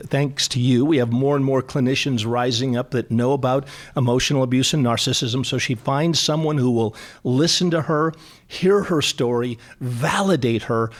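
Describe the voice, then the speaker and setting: A middle-aged man, a psychologist guest on a radio interview, speaking earnestly and repeating words for emphasis. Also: mid-range voice.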